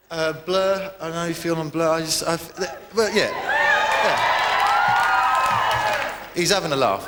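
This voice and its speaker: A man doing a rambling, self-mocking stand-up routine full of restarts and sudden shouted outbursts. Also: high voice. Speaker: stand-up comedian. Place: large live venue. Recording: live hall with crowd noise and echo.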